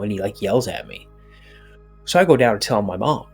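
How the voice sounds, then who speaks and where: Husky man telling a spooky story. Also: on the low side, normal speed, soft background music. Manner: animated storytelling with many restarts. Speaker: podcast guest.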